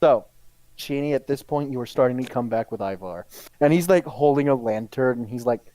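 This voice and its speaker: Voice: mid-range voice, fairly quick, warm tone, no room sound. A game master narrating a tabletop game in a casual manner, laughing and using fillers.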